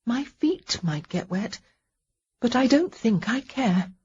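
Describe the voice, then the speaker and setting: A woman's voice: a little high, expressive, slow pace, mellow, husky, lo-fi sound, voice pushed up, heavily acted. A woman narrating an audiobook, voicing a caring young lady who sits at a sickbed, speaking earnestly and a little fretfully. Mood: tired, amused. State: sleepy.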